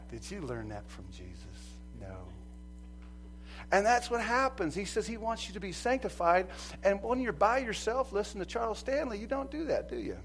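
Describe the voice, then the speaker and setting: A man preaching a sermon as pastor, animated, acting out quoted voices and swinging from loud to soft. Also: high voice, poor audio. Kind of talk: lively sermon.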